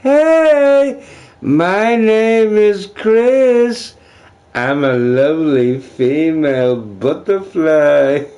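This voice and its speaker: A man putting on a shrill chipmunk-like falsetto to mock a squeaky kid troll. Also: lively intonation, very slow, darkish tone, exaggerated voice. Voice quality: very high, chipmunk-like. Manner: exaggerated mocking falsetto.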